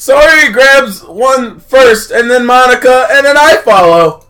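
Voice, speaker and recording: High-voiced, rambling male streamer. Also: lively intonation, measured pace, sharp tone, faint music behind. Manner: rambling, filler-heavy, jokey, self-interrupting. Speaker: streamer narrating a game. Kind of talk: comedic game read-through.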